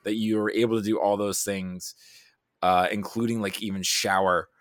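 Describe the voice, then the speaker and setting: A man's voice: lowish voice, fairly even intonation, normal speed, no room sound, studio quality. A man hosting a podcast, chatting casually in a rambling, self-deprecating way and acting out what his friends said. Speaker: podcast host. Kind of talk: casual chat.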